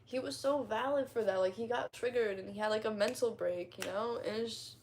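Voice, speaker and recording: Young woman streamer, a little high-pitched, slangy, rambling, quick to laugh. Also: a little mellow. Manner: rambling, slangy, laughs a lot, dramatic retelling. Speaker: streamer chatting with followers. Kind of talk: casual chat.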